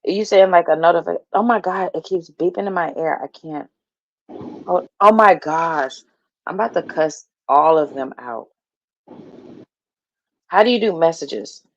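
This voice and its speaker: A woman hosting a live stream in a blunt, casual way. She loses patience fast and swears at her viewers. Her voice has a gravelly edge and comes through dry and muffled, like lo-fi stream audio. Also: on the low side, dry recording. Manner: blunt, exasperated, swears at chat.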